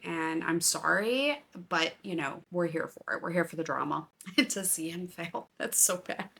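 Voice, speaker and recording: A woman's voice: mid-range voice, pushed and bright. A middle-aged woman hosting a podcast, chatting casually and gossipily about her week and TV shows, laughing often. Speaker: podcast host. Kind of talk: casual chat.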